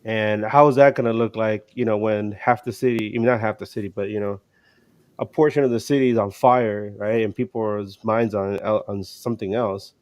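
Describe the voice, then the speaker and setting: Casual sports podcast co-host, male, low voice, loose rambling delivery with lots of fillers. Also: fairly even intonation, moderate pace, darkish tone, no room sound. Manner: rambling, many restarts and fillers.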